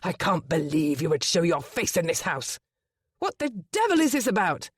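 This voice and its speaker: A man's voice: a little high, big pitch swings, moderate pace, breathy edge, dry recording, studio quality. A narrator doing an indignant nobleman. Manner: loud, indignant. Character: stern nobleman brother, indignant and stubborn. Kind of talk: audiobook character voice.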